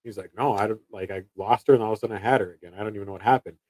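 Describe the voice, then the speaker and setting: A man in his thirties talks casually about his sales work. His voice is low and mellow. He rambles and restarts his sentences, and the sound is dry and close. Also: fairly even intonation, racing, husky, no echo, poor audio. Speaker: door-to-door salesman. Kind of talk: casual chat.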